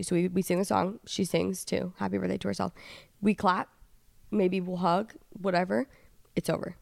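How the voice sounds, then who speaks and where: Chatty young woman with a gravelly edge. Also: medium pitch, no echo, studio quality. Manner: chatty storytelling, fast and animated. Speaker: podcast co-host. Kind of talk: casual chat.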